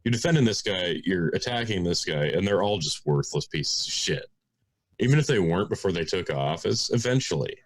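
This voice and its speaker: A man chats bluntly about politics on a podcast, swearing freely. His pitch swings a lot as he makes his points. The sound is dry and close. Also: expressive, fairly quick, no echo. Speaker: podcast co-host. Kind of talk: casual political chat.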